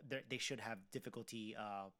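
A podcast co-host thinks aloud haltingly in casual chat. His voice sits on the low side, fairly even in intonation and a bit bright.

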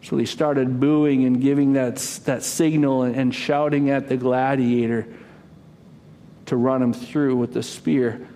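A man preaching a sermon, telling a story dramatically, rising to loud cries and dropping to a hush. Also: mid-range voice, flat delivery, a little slow, a little hiss or hum. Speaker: pastor.

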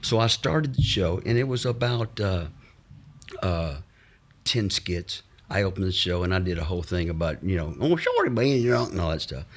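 A man telling long stories from his life in a relaxed, rambling interview, stumbling over words with many uh's and acting out the people he quotes. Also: low voice, moderate pace. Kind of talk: casual anecdotal storytelling.

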